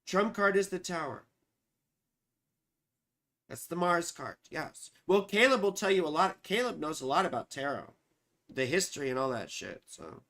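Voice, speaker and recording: A hoarse man hosting an astrology livestream, chatting casually with viewers and reading out their comments in a rambling, profane way. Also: fairly high pitch, animated, moderate pace, long pauses, fairly bright tone. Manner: rambling, profane, sings snatches between remarks.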